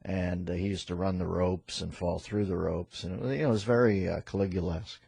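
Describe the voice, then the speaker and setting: Man, middle-aged, radio host, low gravelly husky voice, wisecracking, rambling banter, dry studio mic. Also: steady tone, brisk, mellow, dry recording. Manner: wisecracking, rambling, full of pop culture references. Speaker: radio talk show host. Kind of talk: casual comedic radio banter. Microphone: studio microphone.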